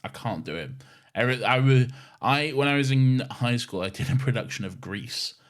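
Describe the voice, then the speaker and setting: A man's voice: medium pitch, lively intonation, normal speed. A man co-hosting a podcast, chatting casually, laughing often and swearing now and then. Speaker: podcast co-host. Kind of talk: casual chat.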